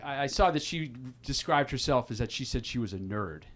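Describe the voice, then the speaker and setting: A man in his fifties doing a self-deprecating stand-up set at an open mic, halting and restarting often. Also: mid-range voice, expressive, a bit bright. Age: 50s. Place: small comedy club stage with audience.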